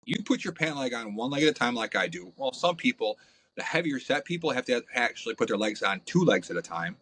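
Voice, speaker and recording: A man's voice: medium pitch, fairly quick, poor audio. Blunt, foul-mouthed man telling stories. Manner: blunt, crude, animated with frequent fillers. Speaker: podcast guest. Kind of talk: profane casual storytelling.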